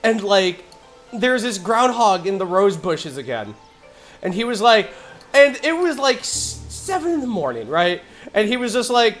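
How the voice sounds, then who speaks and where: A young male streamer with a high, bouncing voice tells stories in an animated way. He laughs often and swears freely. Faint music plays behind him. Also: a little slow. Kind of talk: casual storytelling while gaming.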